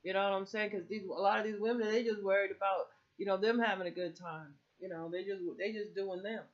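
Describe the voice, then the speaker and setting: A woman's voice: medium pitch, steady tone, fairly quick. Profane rambling woman ranting, lo-fi. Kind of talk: casual political rant to camera. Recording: muffled lo-fi recording.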